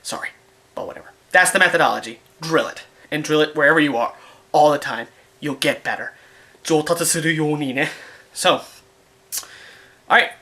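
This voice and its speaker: A man's voice: a little high, normal speed, pauses often, bright, forceful tone. A man vlogging casually about his study habits, rambling and joking at his own expense. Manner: rambling, self-mocking, jokey. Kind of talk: casual rambling vlog talk.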